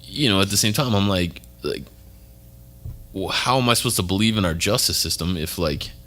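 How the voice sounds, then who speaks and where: A man with an extremely deep voice chats on a podcast. He talks in a blunt, laid-back way and swears freely. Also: lively intonation, fairly quick, bright, forceful tone. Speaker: podcast co-host. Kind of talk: casual chat.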